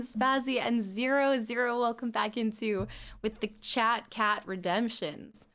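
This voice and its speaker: A woman's voice: a little high, fairly even intonation, measured pace, fairly bright tone. A woman game streamer chatting casually on a live stream, greeting viewers by name as she goes.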